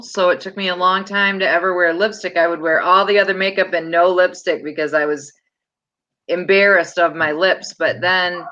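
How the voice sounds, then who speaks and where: A woman's voice: fairly low pitch, pushed and bright, dull audio. A woman chatting on a video call, candid and plainspoken, joking about herself. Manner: candid, self-deprecating, plainspoken. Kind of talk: casual chat.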